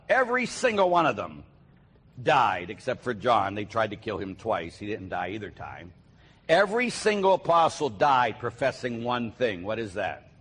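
A man preaching a sermon emphatically, swinging between loud declarations and quiet asides, with a husky voice. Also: medium pitch. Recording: long hall reverb.

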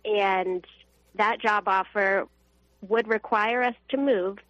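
A woman's voice: medium pitch, steady tone, a bit bright, dry recording. Caller: young woman, earnest faith testimony over a dull dry phone line. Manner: earnest, halting with fillers and restarts. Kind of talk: emotional personal testimony.

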